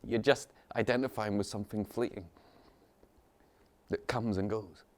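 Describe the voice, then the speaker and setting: A man teaching meditation in a casual, rambling way, repeating phrases, chuckling often and mimicking people in sudden high voices. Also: steady tone, unhurried, a little mellow. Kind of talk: informal spiritual talk.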